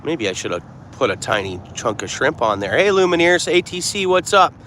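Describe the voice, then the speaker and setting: A man with a slightly high voice talks easily to his live-stream viewers, greeting them and thinking aloud. He is outdoors, and the recording carries plenty of ambient noise from the water and nearby traffic. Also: a little fast, pushed and bright. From Canada. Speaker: fishing streamer. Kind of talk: live-stream chat while fishing. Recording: clear outdoor background noise.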